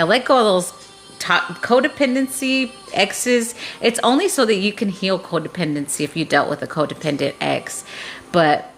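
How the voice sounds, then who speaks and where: A woman chatting casually to her livestream viewers about spiritual topics. She swears freely, rambles and laughs often. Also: lowish voice.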